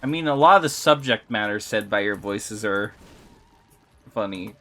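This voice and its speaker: A woman's voice: a bass voice, expressive, normal speed, a bit bright. A woman streamer chatting casually while gaming, fumbling for words and giggling often.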